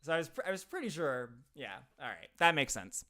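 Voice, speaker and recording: A man's voice: fairly high pitch, big pitch swings, brisk, bright, forceful tone. A man with a Midwestern American accent from southern Ohio, chatting casually on a live stream, rambling and laughing often as he answers viewers. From southern Ohio, USA.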